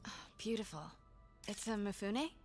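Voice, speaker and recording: A curious young female reporter from a video game, voiced by a woman, asking pointed questions in a soft, even voice. Her asides drop to a hushed whisper. Faint music runs underneath. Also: medium pitch, normal speed, lightly acted. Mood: probing. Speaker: game character.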